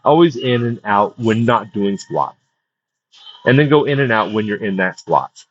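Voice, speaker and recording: A man's voice: lowish voice, lively intonation, measured pace, husky. Casual man coaching a stretching class. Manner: casual, repetitive coaching with breath cues. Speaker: wellness instructor. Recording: dull lo-fi dry sound.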